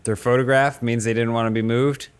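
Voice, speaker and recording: A man's voice: mid-range voice, steady tone, brisk, clear, resonant tone. A man playing a video game on a show, voicing puzzled questions and dry remarks in casual banter. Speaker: player of the game. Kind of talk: casual banter over gameplay.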